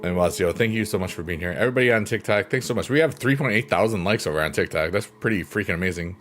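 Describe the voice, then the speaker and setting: A man's voice: deep voice, expressive, fast. A man hosting a casual live stream, chatting with viewers and joking in a goofy, playful way. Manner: goofy, playful, jokes and laughs a lot. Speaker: livestream host. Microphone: close desk microphone. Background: soft guitar music.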